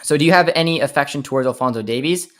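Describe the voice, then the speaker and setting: A man's voice: medium pitch, racing. A young man from Canada hosting a casual live stream, reading viewer comments aloud and answering them with frequent laughs. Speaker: host.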